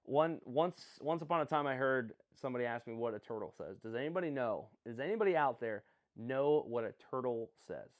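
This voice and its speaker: A man's voice: mid-range voice, lively intonation, brisk. Guy rambling thru a live draft stream, jokey, chats w viewers, voice bounces all over. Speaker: livestream host. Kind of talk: casual live commentary.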